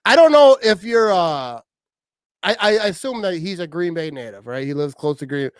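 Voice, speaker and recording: A man tells rambling, crude stories on a podcast, laughing as he goes. His voice sits high and swings widely in pitch. The sound is dry and close. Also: lively intonation, normal speed, clean tone, no echo. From Wisconsin. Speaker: podcast host. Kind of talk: casual chat.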